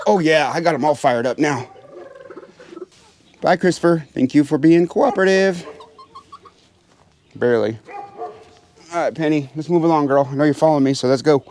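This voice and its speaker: A man's voice: a little high, normal speed, pauses often, darkish tone. A man hosting a casual farm vlog from outdoor aviary pens, chatting to viewers and talking to his birds in a raised, coaxing voice. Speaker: pheasant farmer and channel host. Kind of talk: casual vlog narration while doing chores.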